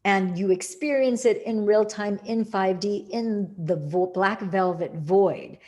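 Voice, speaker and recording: A woman meditation teacher guiding a meditation and speaking about spirituality, with slow, soothing, drawn-out phrasing and earnest emphasis. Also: medium pitch, mellow. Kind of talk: guided meditation and spiritual talk.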